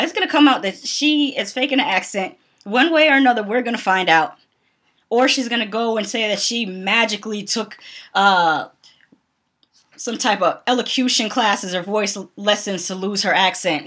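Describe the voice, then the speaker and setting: A young woman from the Northeastern US talks straight to the camera in a casual vlog, blunt and opinionated about what she watched. Her voice sits at an ordinary middle pitch for a woman. She laughs easily and keeps reaching for "um" between thoughts. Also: brisk, a bit bright. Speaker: vlogger. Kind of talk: casual reality-TV commentary.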